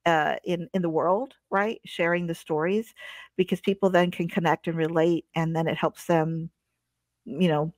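A middle-aged woman guest tells stories in a low, dry-sounding voice. She talks in an animated way and slips into the voices of the people she quotes. It feels like an easy podcast conversation. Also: no room sound. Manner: animated, acts out quoted dialogue. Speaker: guest educator. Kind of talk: conversational storytelling.

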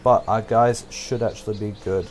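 A young man casually commenting on a strategy game as he plays, thinking aloud, humming and breaking into excited outbursts for viewers. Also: lowish voice, moderate pace, slight background noise. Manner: talks to himself and viewers, hums, excitable outbursts. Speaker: gameplay commentator. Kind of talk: casual let's-play commentary.

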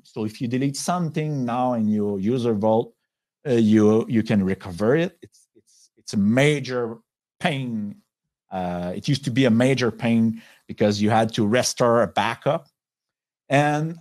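A man with a French accent speaks at a mid pitch over what sounds like a video call. His webinar presentation moves haltingly, full of pauses and self-restarts. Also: a little mellow. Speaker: software company executive.

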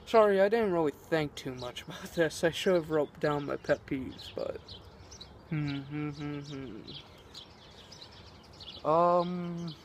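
A man's voice: on the high side, slow pace, pauses often, a little hiss or hum. A teenage boy vlogging, rambling and exasperated as he rants, swearing often. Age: teens. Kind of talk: ranting vlog.

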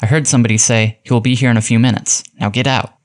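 A man's voice: medium pitch, fairly even intonation, fast talker, lightly acted. A man voicing a nervous male shopkeeper. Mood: hushed.

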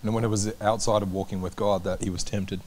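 Australian man, deep voice, church interviewer, rambling questions, affirming. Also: little pitch movement, quick pace, darkish tone, a little hiss or hum.

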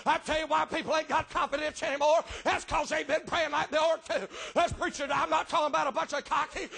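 A middle-aged preacher man with a strikingly high, bright voice and a gravelly edge. He moves from plain, folksy storytelling into a chanting, shouted cadence, with a sharp "uh" between phrases. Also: level tone, fairly quick, few pauses. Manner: folksy storytelling with dialect grammar. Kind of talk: revival sermon.

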